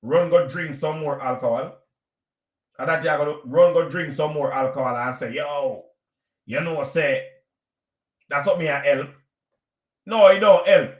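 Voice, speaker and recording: Jamaican man, live-stream host, lecturing and repeating his points, a touch high voiced, roomy echo. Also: a bit bright. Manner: preachy, lecturing, repeats himself. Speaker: vlogger hosting a live stream.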